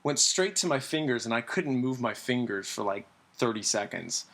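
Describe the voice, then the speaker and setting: Excitable man retelling a TV scene. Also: normal speed. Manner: excitable, acts out scenes with sudden jumps in pitch; rambling, many fillers. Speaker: podcast host. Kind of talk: casual TV recap chat.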